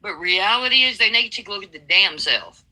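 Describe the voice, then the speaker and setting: A blunt, folksy woman from Alabama speaks in a strong Southern accent. Her voice is very bright and cutting. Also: medium pitch, animated, a little fast, rough recording. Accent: Southern American. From Alabama, USA. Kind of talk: political call-in chat.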